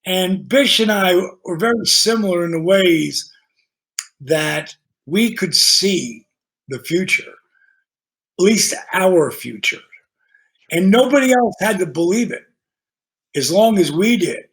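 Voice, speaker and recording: A man guest on a podcast, telling casual stories in an animated, profane way and acting out the dialogue. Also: high-pitched, takes it slowly, long pauses. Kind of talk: casual storytelling.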